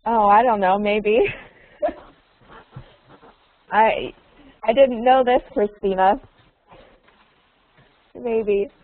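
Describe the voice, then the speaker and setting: A woman's voice: medium pitch, fairly even intonation, no room sound. A woman leads an online English lesson, taking her time and saying each key word twice for her students. Her voice comes through a thin, phone-like call line. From United States. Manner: slow and deliberate, repeating words for learners. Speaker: English teacher.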